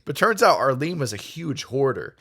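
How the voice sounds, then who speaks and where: Animated man telling a wild story. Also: medium pitch, normal speed. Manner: animated, swearing, laughing storyteller. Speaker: podcast co-host. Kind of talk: casual storytelling chat.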